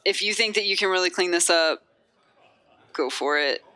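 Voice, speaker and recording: A man role-playing his character at a tabletop game, steady and supportive. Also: high voice, moderate pace, clear, resonant tone, no room sound. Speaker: player.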